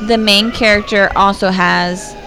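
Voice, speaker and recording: A woman's voice: mid-range voice, a little slow, a little hiss or hum, poor audio. A woman co-hosting a podcast, chatting casually. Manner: chatty, animated. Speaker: podcast co-host. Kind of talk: casual chat.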